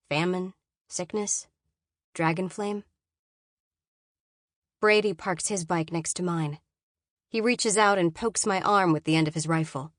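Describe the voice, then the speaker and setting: A woman with a fairly low voice narrates a novel in first person, measured and often dropping to a hushed, inward tone. The recording is dry and close, with no room sound around her. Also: no room sound. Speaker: audiobook narrator.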